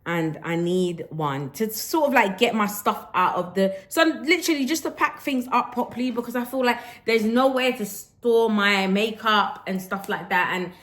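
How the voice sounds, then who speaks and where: A woman, chatting casually in her home vlog and telling stories with lively slips into patois. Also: mid-range voice, moderate pace, hardly any pauses. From Jamaican roots. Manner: animated storytelling, slipping into patois. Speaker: vlogger.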